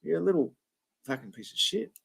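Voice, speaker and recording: A man's voice: fairly high pitch, lively intonation, brisk, gravelly, fairly bright tone, husky. A man hosting a reaction commentary, ranting angrily with lots of swearing and mocking. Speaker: commentary video host.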